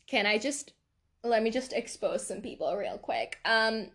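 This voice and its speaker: A woman's voice: fairly high pitch, lively intonation, measured pace, fairly bright tone. A young woman hosting a podcast, telling stories in a rambling, confessional way and laughing often. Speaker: podcast host. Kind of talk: casual confessional chat.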